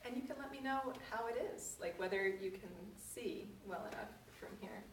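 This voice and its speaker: A woman's voice: fairly high pitch, normal speed, slight background noise. Middle-aged female workshop leader, earnest storyteller, roomy distant sound. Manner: earnest, personal storytelling with laughs. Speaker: parenting workshop host. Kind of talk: live workshop talk to a group. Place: room with an audience. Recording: echoey room, voice from a distance.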